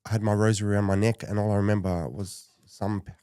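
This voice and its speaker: A man from Western Sydney tells his personal story as a podcast guest. He speaks haltingly and often restarts his sentences. His voice is fairly low and warm-toned, and the sound is dry and close. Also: fairly even intonation, clear, resonant tone, no echo. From Western Sydney, Australia.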